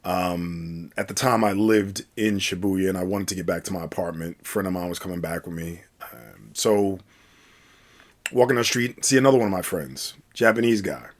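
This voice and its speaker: A man's voice: sits low, normal speed. A man telling a casual personal story, rambling with many fillers and restarts. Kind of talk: casual spoken anecdote.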